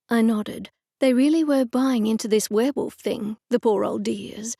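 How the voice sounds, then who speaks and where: Gravelly-voiced woman audiobook narrator. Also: a little high, dark tone, no echo, studio quality. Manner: measured storytelling, first person. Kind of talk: scripted first-person narration.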